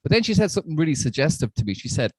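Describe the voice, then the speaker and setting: A man's voice: a little high, sing-song, racing, husky, dry recording. A man performing a rambling, self-deprecating stand-up set on a live stream, chuckling between jokes. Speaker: stand-up comedian.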